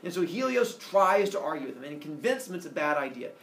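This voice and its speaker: A man telling a story to listeners in a lively, jokey way. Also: fairly high pitch, fast. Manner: animated, jokey retelling of myth. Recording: echoey room, distant mic, faint hiss.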